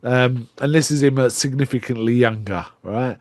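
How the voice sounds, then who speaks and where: A man's voice: medium pitch, normal speed, a little mellow, no echo, clean studio sound. A man co-hosting a podcast, casually retelling a film's plot and acting out its lines with little laughs. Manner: retells plots at length, acting out quoted lines and chuckling. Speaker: podcast co-host. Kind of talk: casual film discussion.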